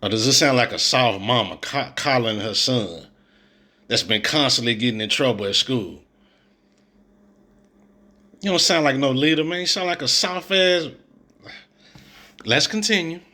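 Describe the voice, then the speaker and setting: A man's voice: medium pitch, expressive, measured pace, pauses often, bright, forceful tone. A man reacting to a coach's press conference clips, blunt and exasperated, full of slang and mockery. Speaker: sports commentator reacting to clips. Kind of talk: opinionated reaction commentary.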